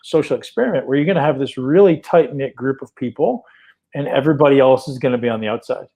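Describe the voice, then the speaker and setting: A man's voice: mid-range voice, quick pace, mellow, low-quality recording. A man hosting a podcast, talking casually and enthusiastically, often checking in with "right?". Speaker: podcast host.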